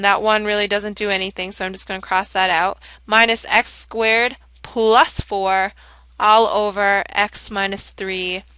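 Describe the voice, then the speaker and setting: Bright, crisp woman teaching math. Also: medium pitch, dry recording. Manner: casual, chatty, self-correcting. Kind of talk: whiteboard lesson walkthrough.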